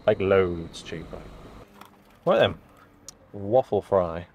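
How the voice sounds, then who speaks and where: A man's voice: low voice, slow pace, a little mellow, lo-fi sound, a little hiss or hum. Guy vlogging from his van, jokey and chatty, bit self-mocking, talking straight to the camera. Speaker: food and travel vlogger. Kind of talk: casual chat to camera. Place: inside his parked van.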